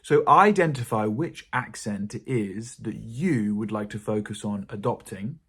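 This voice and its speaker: A man with a British accent, an English teacher giving a clear, measured, encouraging lesson to camera. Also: on the low side, fairly bright tone.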